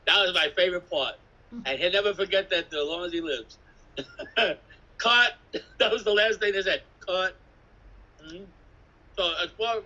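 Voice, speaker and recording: Husky, bright-voiced New man telling stories. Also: on the high side, low-quality recording. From New York City. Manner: rambling, animated, acts out voices, swears. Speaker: interviewee, graffiti artist. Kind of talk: casual storytelling interview.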